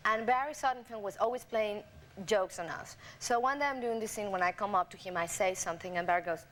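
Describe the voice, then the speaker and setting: A woman telling animated anecdotes as a talk show guest, laughing often and acting out the voices of people in her stories, on a noisy satellite TV recording. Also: medium pitch, fairly quick. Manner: laughing storyteller, acts out quoted voices. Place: TV studio with audience.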